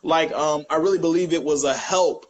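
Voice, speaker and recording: Young guy w/ high voice, animated storyteller on a chat show, laughs into his quotes. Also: normal speed, low-quality recording. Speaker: guest. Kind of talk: casual chat.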